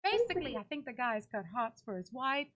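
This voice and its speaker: A woman with a high voice recaps what her character found, meandering and trailing off as she goes. She speaks casually, often second-guessing herself mid-sentence. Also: sing-song, fairly quick, a bit bright, low-quality recording. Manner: rambling, laughing at herself, trailing off. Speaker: player.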